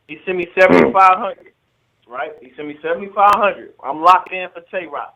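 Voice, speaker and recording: A man's voice: sits high, fairly quick, gravelly, pushed and bright. A man, a battle rapper, tells the story of a money dispute in a played interview clip, speaking in profane, streetwise language and acting out the phone calls in quoted dialogue. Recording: tinny phone-like audio.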